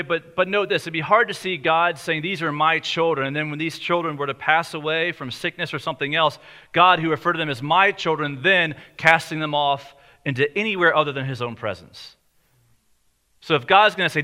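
A man preaching a sermon in a conversational way, slowing down on key lines for emphasis. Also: on the high side, sharp tone. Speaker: pastor.

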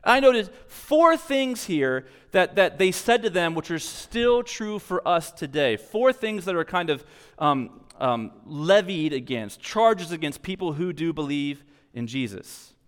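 A man delivers a sermon in a slightly high voice, mixing teaching with relaxed, conversational asides. His words ring out with the long reverb of a large hall. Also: a little slow, smooth. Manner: conversational, animated preaching with casual asides. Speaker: pastor.

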